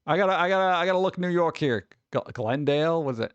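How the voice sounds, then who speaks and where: A man's voice: fairly high pitch, lively intonation, quick pace, few pauses, clear, resonant tone, dry recording, muffled recording. A man hosting a casual livestream, rambling, exclaiming and grumbling at his connection as he chats with viewers. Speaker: livestream host. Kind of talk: casual live-stream chat.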